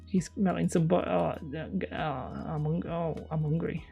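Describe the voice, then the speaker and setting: Woman streamer, low mellow voice, rambling self-deprecating chat to viewers, faint music underneath. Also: fairly even intonation, moderate pace, creaky, husky, lo-fi sound. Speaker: livestream host. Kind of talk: casual livestream chat, reading viewer comments.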